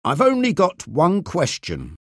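A man's voice: on the high side, wildly swooping pitch, unhurried, husky, no echo, clean studio sound, pitched above the performer's own voice, heavily acted. A man voicing a stern, protective male judge in a storybook reading, speaking firmly and with authority. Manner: firm, commanding.

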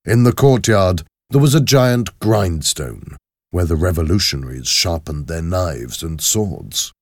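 A man narrating a classic story aloud with a measured, expressive reading. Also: low voice, dry recording, clean studio sound.

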